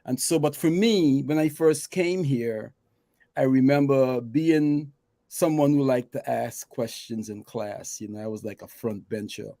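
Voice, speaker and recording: A man with a Guyanese accent chatting about his experience, reflective and lively when he tells stories. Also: mid-range voice, a little slow, dry recording. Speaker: guest. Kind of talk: casual chat, storytelling.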